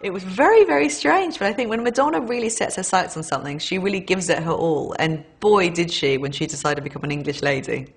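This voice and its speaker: A woman commentator giving animated, emphatic interview remarks. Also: on the low side, fast talker, hardly any pauses, soft background music.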